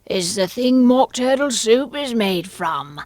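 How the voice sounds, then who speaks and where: A savage, bad-tempered queen who shouts her commands, played by a woman reader. The voice sits high and leaps around in a storybook reading. It is recorded close and dry. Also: expressive, slow pace, dry recording. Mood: imperious. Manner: shouting, imperious. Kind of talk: audiobook character reading.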